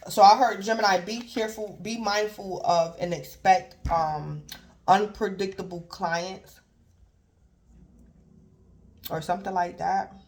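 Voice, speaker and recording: A woman's voice: medium pitch, fairly even intonation, normal speed, a little mellow. A woman giving a casual tarot reading, rambling and repeating herself, filling gaps with "like" and little chuckles. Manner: rambling and repetitive, filler "like", chuckles; acts out imagined callers in brief quoted voices. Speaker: tarot reader.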